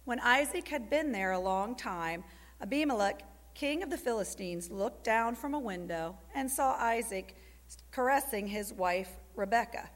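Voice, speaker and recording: Woman reading scripture in a reverberant hall. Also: on the high side. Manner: steady, measured reading. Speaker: scripture reader. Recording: gravelly voice in a long hall reverb.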